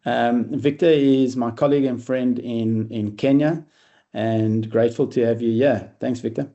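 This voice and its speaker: A man presents a safety session over a video call. His voice is mellow and dark in tone. He speaks in a relaxed way, often pausing with fillers and restarting his sentences. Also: mid-range voice, dull audio. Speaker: webinar presenter on work-at-height safety. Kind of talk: online presentation.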